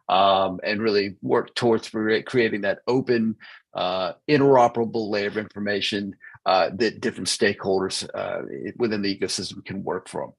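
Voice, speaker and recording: A man's voice: on the low side, poor audio. A man hosting an online meeting on a video call, talking casually with many hesitations and restarts. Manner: hesitant, filler-heavy, restarts. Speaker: meeting host.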